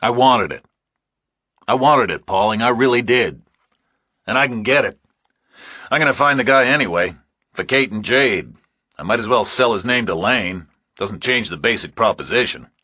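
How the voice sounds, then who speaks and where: A man's voice: on the low side, lively intonation, normal speed, pauses often, pushed and bright, husky, no room sound, studio quality, voice pushed up, heavily acted. A man voicing a determined male hero in an audiobook, speaking in a firm, insistent way. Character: determined male hero, blunt and money-minded. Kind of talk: audiobook character reading.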